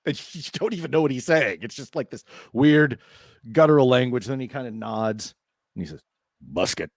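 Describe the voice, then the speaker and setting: A man narrating as game master of a tabletop game, laughing often and talking in an unhurried way with fillers. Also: medium pitch, darkish tone, no echo, studio quality.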